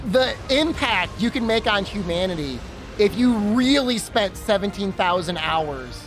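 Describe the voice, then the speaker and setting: A man's voice: high voice, lively intonation, measured pace, music in the background. A man streaming a game, chatting casually and rambling, with frequent giggles and teasing. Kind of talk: casual gaming stream chat.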